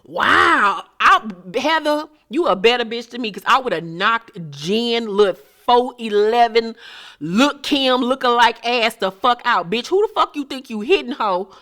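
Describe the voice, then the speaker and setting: A woman's voice: fairly high pitch, animated, moderate pace, a bit bright. A woman giving a brash, sarcastic, swear-filled recap of a reality show episode.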